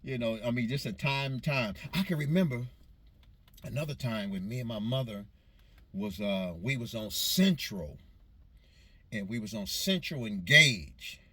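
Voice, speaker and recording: A man's voice: medium pitch, animated, a little slow, sharp tone, slightly rough, no room sound. Man from Los Angeles reminiscing loosely. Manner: meandering, self-correcting recollection in a loose vernacular. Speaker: storyteller recounting his childhood. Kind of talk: casual spoken memoir.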